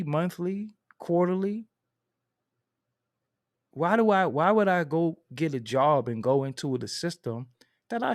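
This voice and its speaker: Dude ranting on his stream, aave, goes from low mumbles to squeaky high, dry close mic. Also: dry recording. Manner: animated venting, swings from low mutters to high outbursts. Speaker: commentary channel host. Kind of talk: casual livestream commentary.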